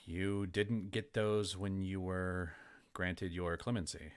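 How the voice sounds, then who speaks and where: A man's voice: sits low, level tone, slow, clean tone, dry recording, studio quality. A man doing a weary little gnome clerk. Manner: put-upon, dryly sarcastic.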